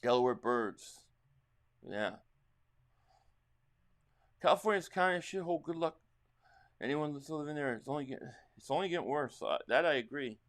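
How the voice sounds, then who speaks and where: This is a middle-aged man with a New Jersey accent, hosting a live football reaction stream. His voice sits a little high and swings widely in pitch. He drifts from one topic to the next, and he calls the plays as they happen. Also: moderate pace, long pauses. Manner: rambling chat with chat readers, bursts into excited play calls. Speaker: livestream host reacting to a football game.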